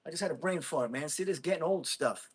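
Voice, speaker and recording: A man in his thirties rambles happily to his livestream viewers, jumping from topic to topic and laughing often. His voice sits fairly high, and he keeps turning to the chat with questions. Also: fast talker, slight background noise. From Jersey City, USA. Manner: rambling, excitable, laughs a lot, talks to chat. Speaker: livestream host, Marine veteran.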